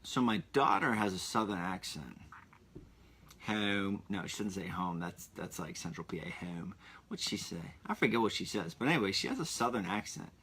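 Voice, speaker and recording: A man's voice: sits low, lively intonation, a little fast, few pauses, sharp tone, slightly rough. A man hosting his own podcast, rambling in a casual solo chat full of asides and restarts. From Pennsylvania. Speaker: podcast host.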